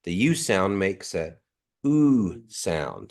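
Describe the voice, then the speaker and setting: A man teaching a language class online, patiently modeling each sound slowly; his voice is nasal from allergies, heard over a video call. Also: deep voice, lively intonation, darkish tone.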